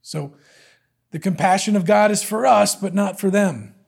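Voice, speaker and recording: A man's voice: sits high, normal speed, creaky, darkish tone, slightly rough. A man preaching a sermon in an earnest, emphatic way, repeating key words for weight.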